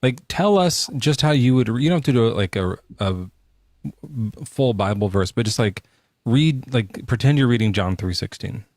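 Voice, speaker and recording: A man co-hosting a casual live podcast chat, joking crudely and talking in an animated way. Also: mid-range voice, normal speed, no room sound. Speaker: podcast co-host.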